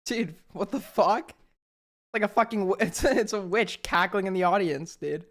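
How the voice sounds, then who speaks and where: A man from New York streaming, reacting to a clip with animated, swearing, laughing commentary. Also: sits high, normal speed.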